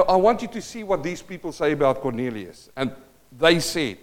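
A man preaching a sermon, reading scripture aloud with loud emphatic bursts and dropping to quiet asides, often thinking aloud and restarting. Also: high-pitched, animated, brisk. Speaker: pastor.

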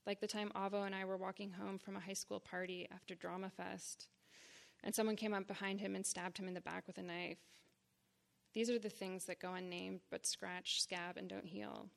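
A gravelly-voiced woman from the Boston area of the United States reads her own memoir live before an audience at a reading series event. Her mid-range voice holds a level tone as she reads deliberately, in measured short phrases, with blunt frankness.

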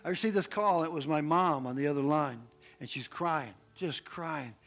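A male pastor delivers a sermon in a high, bright voice, telling a personal story with animated delivery. He shifts into other people's voices as he goes. Soft music plays faintly underneath. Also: normal speed. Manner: animated storytelling, acts out quotes.

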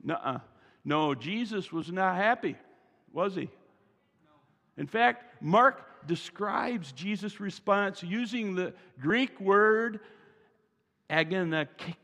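A male pastor preaching a lively sermon, slow and drawn out, acting out the scene with loud voices. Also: sits high, gravelly. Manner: slow, drawn-out delivery with big swings in loudness. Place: church sanctuary. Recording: long reverb of a large church hall.

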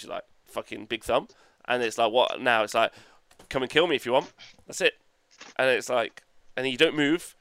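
A man's voice: medium pitch, fairly bright tone, clear, resonant tone, no room sound. A man co-hosting a podcast in casual chat, enthusiastic and rambling, laughing often and swearing casually. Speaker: podcast co-host.

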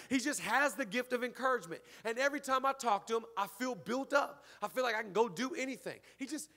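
A man, the church's pastor, preaching a lively, joking sermon and calling out to his congregation. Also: sits high. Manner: energetic, joking, calls out to the congregation.

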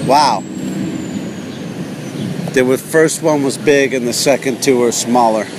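A man's voice: medium pitch, slow pace. A man hosting a solo podcast from his car, rambling in a sarcastic, self-mocking rant. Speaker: podcast host. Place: in a car while driving. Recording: car with road noise behind.

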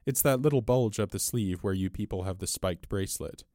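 A man reading aloud and voicing a small, mild older priest with a gentle, apologetic, quietly shrewd manner. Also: lowish voice, a little fast, no echo, clean studio sound, lightly acted.

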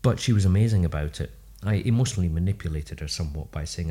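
A man's voice: deep voice, quick pace, breathy edge. Man telling stories with humor. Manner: warm, humorous anecdotal storytelling with lively asides. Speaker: speech and language therapist, podcast guest. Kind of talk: casual storytelling interview.

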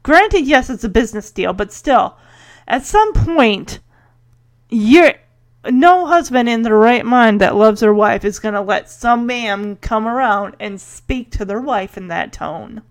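Chatty woman with a slightly high voice. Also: lively intonation. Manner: chatty, enthusiastic, heavy use of "like"; acts out characters' lines in quick asides. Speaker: TV episode recapper. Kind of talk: casual episode recap commentary.

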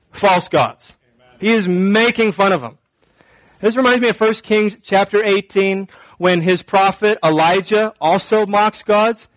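Male preacher, high voice, playful storyteller, dry close sound. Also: dry recording, rough recording. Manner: animated, joking storytelling with laughs. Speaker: pastor. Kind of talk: sermon.

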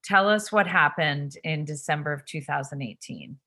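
A woman interviewing a guest, gently prompting her to tell her story. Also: deep voice, normal speed. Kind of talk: interview questions.

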